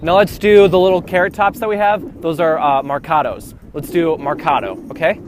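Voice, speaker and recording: A man's voice: a little high, moderate pace, a little hiss or hum. Man counting off a band rehearsal. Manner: coaching, counting off beats and singing rhythms. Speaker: band teacher. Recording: music playing in the background.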